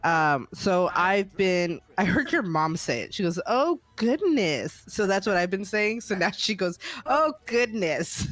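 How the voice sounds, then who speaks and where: A young adult woman chatting casually during a co-op game stream, telling stories in animated bursts. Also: lowish voice, normal speed. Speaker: co-op stream player. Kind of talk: casual chat while gaming.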